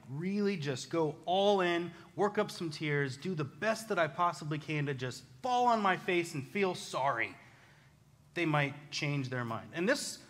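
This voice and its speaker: A man tells a personal story in a casual, chatty way, poking fun at himself as he goes. His voice sits a little high for a man and has a bright, forceful edge. He keeps it animated. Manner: self-deprecating, chatty, animated.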